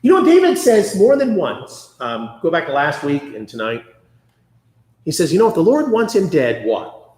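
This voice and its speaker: A man leading a conversational Bible study, chatty and animated, often acting out quotes. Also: on the high side, normal speed. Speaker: Bible class teacher. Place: church classroom. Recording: echoey room.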